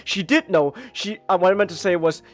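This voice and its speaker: A man's voice: high-pitched, brisk, soft background music. A man hosting a live podcast, chatting casually about a movie he liked, rambling with many restarts and fillers. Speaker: podcast host. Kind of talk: casual movie review chat.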